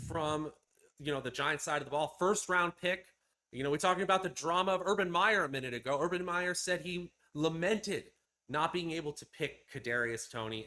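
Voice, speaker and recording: Bright-voiced male fantasy sports analyst. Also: on the high side. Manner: analytical, measured, with fillers like "uh" and "you know". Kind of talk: casual sports analysis chat.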